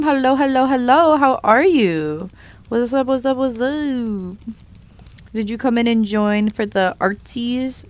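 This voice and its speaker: A young woman chatting casually on a live stream while she draws, playfully reading and answering chat messages. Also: medium pitch. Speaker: art streamer.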